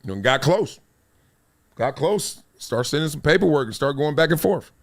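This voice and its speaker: Pitched fairly high and moving at a moderate pace, this middle-aged man from Compton in Los Angeles hosts a laid-back sports talk show. He reads comments from viewers and tells animated stories, his volume rising loud and dropping to a hush.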